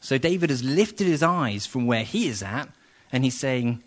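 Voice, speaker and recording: A man's voice: mid-range voice, expressive, normal speed. A man preaching an evening sermon, earnest and conversational, with sudden rises in emphasis and frequent fillers.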